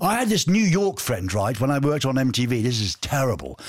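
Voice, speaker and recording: A man's voice: mid-range voice, sing-song, a little fast, dry recording, clean studio sound. A man hosting a casual radio show, reading listener messages in a jokey, rambling way. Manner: jokey, rambling, laughs at own stories. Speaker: radio host. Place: radio studio.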